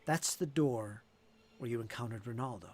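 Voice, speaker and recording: Casting note: male game master, mid-pitched, relaxed and chatty narration for a tabletop game. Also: normal speed. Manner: relaxed, conversational, with frequent fillers.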